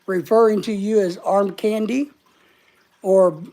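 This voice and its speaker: A woman's voice: mid-range voice, steady tone, takes it slowly, warm tone. A woman hosting a casual live stream, a little short of breath, rambling and greeting viewers one by one.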